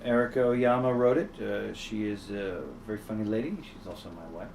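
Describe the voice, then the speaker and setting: A man's voice: on the low side, steady tone, brisk, vocal fry, darkish tone, recorded from a distance, a little hiss or hum. A man in his forties answering with many fillers and dry jokes in a casual interview. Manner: hesitant, many fillers, joking. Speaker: interviewee, actor.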